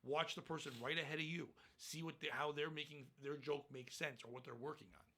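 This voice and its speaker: Fast, bright-voiced blunt comedian man. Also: fairly high pitch, steady tone, slight background noise. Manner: blunt, profane, emphatic. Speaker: stand-up comedian guest. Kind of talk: casual podcast interview.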